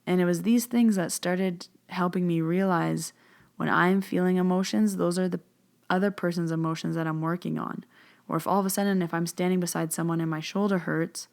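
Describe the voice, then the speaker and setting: Low, gravelly woman telling stories casually. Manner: retells events with quoted back-and-forth dialogue; conversational, with frequent "like" and "um" fillers. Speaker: podcast host and spiritual medium. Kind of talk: casual storytelling monologue.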